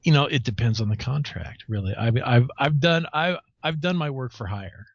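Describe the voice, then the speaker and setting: A man's voice: medium pitch, animated, moderate pace, breathy edge, dry recording. A man being interviewed about his comics, talking casually and bluntly, rambling with lots of restarts and swearing. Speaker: comic artist guest. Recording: dry, dull lo-fi sound.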